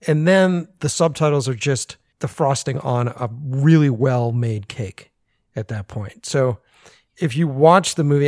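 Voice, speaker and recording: An animated American filmmaker talks casually on a podcast. He swears freely, laughs easily and keeps his voice at an everyday middle pitch. The sound is dry and close. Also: normal speed, dry recording. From United States. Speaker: filmmaker guest.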